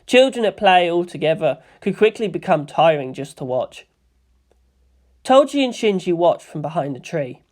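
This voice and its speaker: A woman reading a fan-written story aloud in a lively, expressive way. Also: fairly low pitch, moderate pace. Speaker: fanfic reader.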